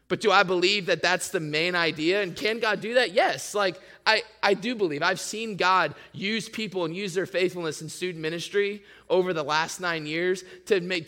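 Casting: youth pastor, high bright voice, relaxed chatty preaching, reverberant hall. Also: male voice. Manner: casual, conversational preaching with playful paraphrase. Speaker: student ministry pastor. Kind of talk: sermon.

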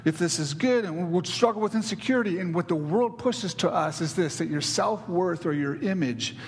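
An emphatic male pastor preaching a sermon, hammering home key words by repeating them. His voice sits high for a man. It carries the long, rolling reverb of a large hall. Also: moderate pace, slightly rough.

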